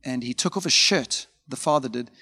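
Pastor preaching in a reverberant hall. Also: male voice, mid-range voice, brisk, vocal fry, pushed and bright, slightly rough. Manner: informal storytelling with frequent fillers and asides. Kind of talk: conversational sermon.

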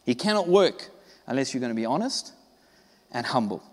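A man's voice: medium pitch, very animated, moderate pace, darkish tone, in a large hall. A male pastor preaching a sermon, emphatic and conversational, often acting out short dialogues.

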